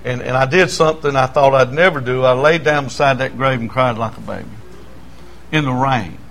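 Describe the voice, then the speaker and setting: A man's voice: medium pitch, brisk, fairly bright tone, faint music behind. An older man preaching a sermon, telling folksy stories with many stammering restarts. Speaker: pastor.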